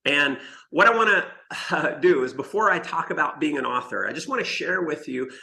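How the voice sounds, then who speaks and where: A man's voice: fairly high pitch, lively intonation, a little fast, vocal fry, pushed and bright, low-quality recording. A man giving an emphatic motivational talk, telling stories and speaking straight to the listeners. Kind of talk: motivational talk to an online summit audience.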